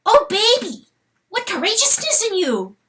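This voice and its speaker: A woman voicing a scrappy, excitable male weasel who talks in broken, childlike grammar. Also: extremely high pitch, measured pace, distant mic, pitched above the performer's own voice, full character voice. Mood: wondering.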